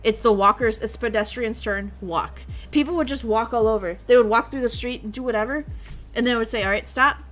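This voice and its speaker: A woman's voice: a little high, fairly quick, faint music behind. A young woman streamer chatting casually, rambling along and swearing freely. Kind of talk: casual chat.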